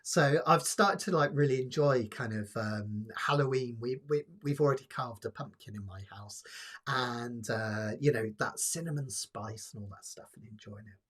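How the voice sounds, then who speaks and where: A man hosting a live ukulele jam, chatting in a relaxed, rambling way with lots of fillers. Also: medium pitch, moderate pace. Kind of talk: casual live-stream teaching chat. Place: home, live stream. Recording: loud ukulele playing behind.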